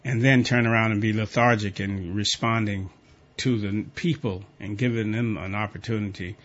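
A man's voice: fairly low pitch, normal speed, highs cut off. A man reading guidelines aloud and breaking off into pointed, indignant comments of his own. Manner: reads text flatly, then breaks off into pointed, indignant asides.

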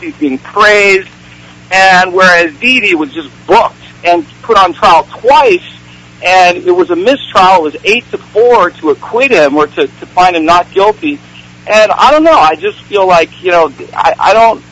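A male caller talks on a radio show. His voice is high and bright, and he is earnest and hesitant, with many restarts and "you know"s. The sound is a radio call-in line. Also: rough recording.

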